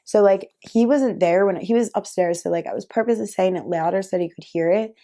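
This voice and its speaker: A woman's voice: mid-range voice, brisk, mellow. A young woman telling a personal story to camera in a casual, chatty way, full of "like" fillers and laughs. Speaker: vlogger.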